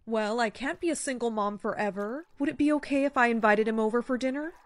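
A woman voicing a caring single mother who talks in a soft, coaxing way. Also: a little high, fast talker, close to an everyday voice. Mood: hopeful. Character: caring single mom, gentle and hopeful. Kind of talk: skit role-play.

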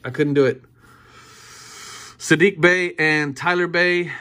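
A man in his thirties giving excited, casual commentary while opening trading card packs, often repeating himself and breaking into cheers. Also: on the high side, takes it slowly.

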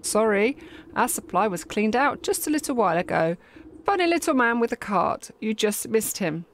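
A woman doing a meek beekeeper, doting and flustered, sweet-talking his beloved queen in an ever-so-devoted tone. Her delivery swoops lively, with a faint hiss behind. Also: on the high side, moderate pace. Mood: friendly. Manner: fawning, flustered. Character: fawning lovesick male beekeeper, timid servant.

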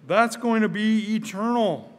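An older man preaching a sermon in a church, earnest, often repeating his first words, growing louder when stirred. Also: high-pitched, measured pace. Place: church sanctuary. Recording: church hall with long reverb.

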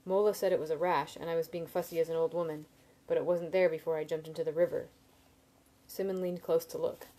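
Woman reading a novel out loud, steady, lowish warm voice, trips over a word now and then. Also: fast talker. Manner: steady first-person narration with small slips and restarts. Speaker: reader.

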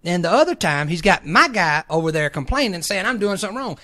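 High, lively, emphatic middle-aged man. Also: quick pace. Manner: emphatic, tells it straight with blunt quotes. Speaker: guest racer. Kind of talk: casual chat.

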